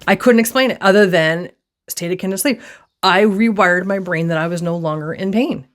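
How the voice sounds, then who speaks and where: A woman telling a personal story on her vlog from her desk, expressive and acting out her own reactions. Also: lowish voice, moderate pace. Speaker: vlogger.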